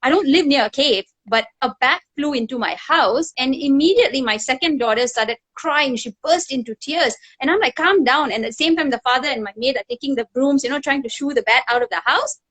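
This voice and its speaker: Middle-aged lady hosting an interview, high bright voice, animated and chatty, laughs a lot. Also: a little fast, few pauses. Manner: animated storyteller, laughs often. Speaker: talk show host. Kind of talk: conversational interview.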